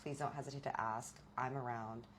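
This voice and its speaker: A woman voicing a gentle, supportive man who speaks quietly and reassuringly. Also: very deep voice, steady tone, a little fast, slight background noise, pitched below the performer's own voice.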